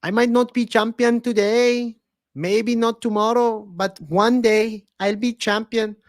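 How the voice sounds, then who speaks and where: A man doing an impression of a humble young male fighter, speaking slowly and earnestly in a raised voice. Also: high-pitched, fairly even intonation, no echo, studio quality, pitched above the performer's own voice.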